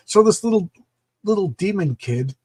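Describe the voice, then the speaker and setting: A man's voice: on the high side, husky, dry recording. A middle-aged man reviewing comic books in a casual, enthusiastic, rambling way. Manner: enthusiastic, rambling, repeats words.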